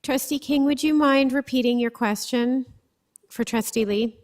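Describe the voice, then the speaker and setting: A woman's voice: sits high, normal speed, darkish tone. A woman chairing a school board meeting, politely directing questions between trustees. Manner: polite, procedural.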